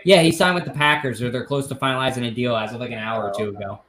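A man's voice: medium pitch, fairly even intonation, very fast, fairly bright tone, echoey room, a little hiss or hum. A man hosting a casual sports podcast, steering topics and passing questions to his co-hosts. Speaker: podcast host.

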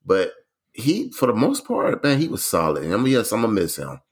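A man's voice: on the low side, huge pitch swings, normal speed, husky. A man as a podcast guest in casual sports chat, laid-back and rambling.

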